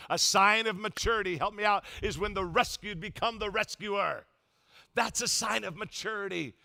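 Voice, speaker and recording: A man's voice: sits high, creaky, bright, forceful tone. A middle-aged male pastor preaching a sermon, telling a comic story with quoted voices.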